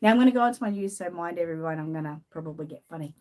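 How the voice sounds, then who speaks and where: An Australian woman chatting on a live stream, greeting viewers by name between her thoughts and getting emotional and soft-spoken when she is sad. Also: lowish voice, very fast. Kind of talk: casual live-stream chat.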